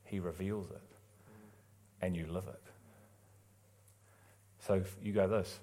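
A man preaching a sermon in a church, passionate and emphatic, swinging between loud urgent calls and quiet pleading. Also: deep voice, fairly even intonation, takes it slowly, pauses often.

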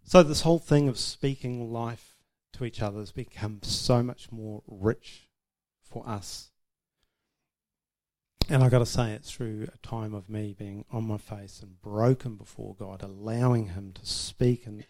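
A man's voice: fairly low pitch, steady tone, measured pace, darkish tone. Man, church testimony, conversational and self-mocking, laughs a lot. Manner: chatty, self-deprecating, laughing often. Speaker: speaker sharing about marriage. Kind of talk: informal testimony to a church audience.

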